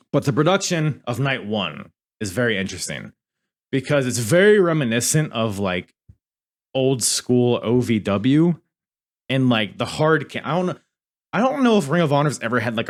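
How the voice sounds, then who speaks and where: A man's voice: mid-range voice, sing-song, moderate pace. A man hosting a podcast in casual review chat, rambling and swearing, often cutting himself off mid-sentence. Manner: rambling, profane, self-interrupting. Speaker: podcast host.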